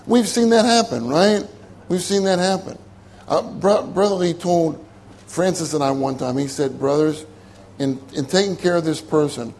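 A man's voice: on the high side, moderate pace, darkish tone, slight background noise. An older man preaching a sermon in a conversational way, repeating his key phrases and laughing at his own jokes.

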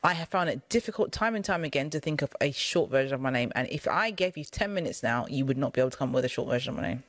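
A woman's voice: a bass voice, lively intonation, very fast, no echo. A young woman co-hosting a podcast in casual chat, playful and teasing, laughing often. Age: young adult. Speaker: podcast co-host.

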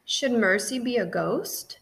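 A woman's voice: fairly high pitch, takes it slowly, gravelly, a bit bright, heavily acted. A woman voicing a cheerful, formal middle-aged husband in a children's audiobook, with a hearty, politely formal manner.

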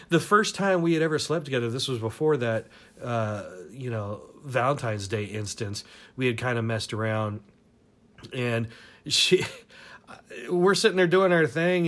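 A man's voice: on the high side, normal speed. A man in his thirties hosting a talk show, telling a personal dating story in a crude, rambling way, full of profanity and laughing at his own tale.

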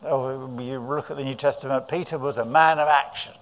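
A man's voice: mid-range voice, fairly even intonation, brisk. A man with an English accent preaching a sermon, telling the story dramatically and voicing the disciples' cries.

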